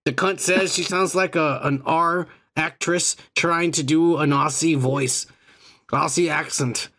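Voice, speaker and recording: A man's voice: on the high side, fairly even intonation, a little slow, fairly bright tone. A man hosting a podcast, trading crude, joking banter full of profanity. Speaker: podcast host. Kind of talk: casual podcast chat.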